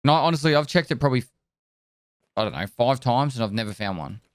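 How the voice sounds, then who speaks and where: A man's voice: mid-range voice, lively intonation, quick pace, dry recording, clean studio sound. A man, chatting casually on a gaming live stream, rambling as he answers chat messages. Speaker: game streamer.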